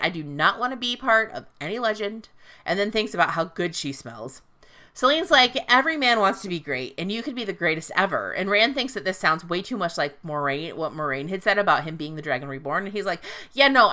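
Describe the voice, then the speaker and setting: A woman's voice: on the low side, pushed and bright. A woman casually recapping a fantasy novel on a podcast, swearing freely and paraphrasing characters in a playful, irreverent way. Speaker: podcast host recapping a book.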